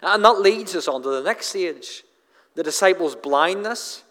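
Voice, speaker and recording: A man's voice: sits high, animated, moderate pace, fairly bright tone. A man preaching an expository sermon in an earnest manner, often repeating words as he drives home a point. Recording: long hall reverb.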